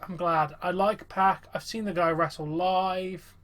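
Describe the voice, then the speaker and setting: A man's voice: high voice, fairly even intonation, a little slow, fairly bright tone. A young man hosting a casual wrestling review chat, rambling and chatty with many fillers. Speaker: host.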